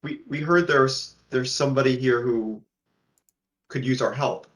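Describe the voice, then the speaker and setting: A man's voice: mid-range voice, measured pace, a bit bright. A man playing a tabletop game, speaking hesitantly in and out of character, repeating words. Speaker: player.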